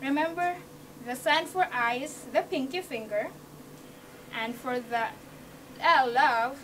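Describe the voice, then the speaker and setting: Teaching sign language basics in a university media room, a high-pitched student with a Hawaii accent speaks slowly and fairly brightly to a small class, encouraging them through every step. Her phrasing is non-native, with small grammar slips. Captured by a distant camcorder across the room, the low-quality audio has a faint hiss.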